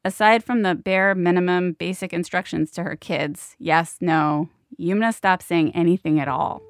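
A woman hosting and narrating a documentary program in a measured, calm way. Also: on the low side, no room sound. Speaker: host and narrator.

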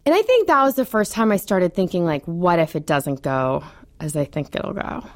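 A woman telling a personal story in a radio interview, chatty and animated, with many fillers and frequent laughs. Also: on the low side, moderate pace, no echo.

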